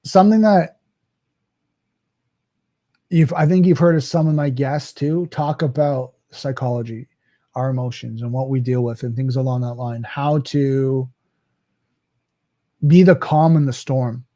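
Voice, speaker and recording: A man's voice: medium pitch, steady tone, a little slow, pauses often, mellow, dry recording. A man hosting a podcast, talking in a casual, conversational monologue with frequent restarts and "right?" asides. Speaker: podcast host.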